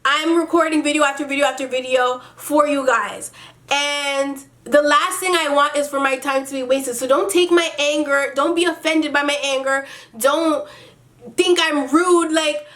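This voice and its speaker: High-pitched woman vlogger going off on her viewers, swearing nonstop, super fed up. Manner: profane, exasperated ranting; reads emails in a slow, flat storytelling tone. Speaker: vlog host answering viewer emails. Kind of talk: casual advice vlog.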